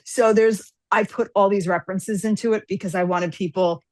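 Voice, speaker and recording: Animated woman acting out her story. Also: medium pitch, normal speed. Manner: animated storyteller, acts out characters' lines. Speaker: guest author. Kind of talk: casual podcast chat.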